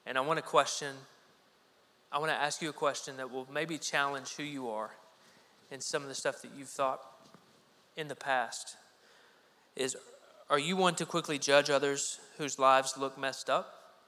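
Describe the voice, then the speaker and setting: A man preaching a sermon in a conversational, animated way, acting out little quoted voices. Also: medium pitch, moderate pace, pauses often. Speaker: pastor. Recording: echoey hall with long reverb.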